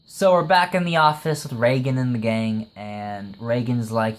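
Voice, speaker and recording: A man gushing through a casual episode review, voice sitting at an ordinary middle pitch. He laughs often, fills with "like," and slips into quick impressions of the characters as he retells the plot. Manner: excitable, laughs often, many "like" fillers; retells scenes with quick acted quotes. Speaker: anime reviewer.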